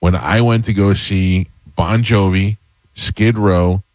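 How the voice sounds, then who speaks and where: A man in his fifties hosting a radio talk show, telling rambling stories in a relaxed, casual way. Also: low voice, slow pace, no echo. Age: 50s. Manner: relaxed storyteller, rambling with restarts.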